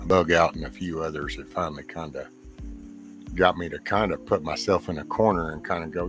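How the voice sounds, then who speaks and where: A man with a Texan drawl hosts a loose, rambling chat, clipping his words short as he goes. His voice sits very low. Faint music plays underneath. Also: steady tone, moderate pace, long pauses, a bit bright. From Texas, USA. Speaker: host. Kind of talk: casual chat.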